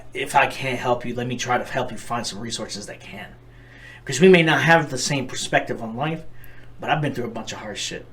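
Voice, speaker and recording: A man's voice: medium pitch, a bit bright, a little hiss or hum. A young man co-hosting a podcast, talking in a rambling, profane, earnest way in casual chat. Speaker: podcast co-host.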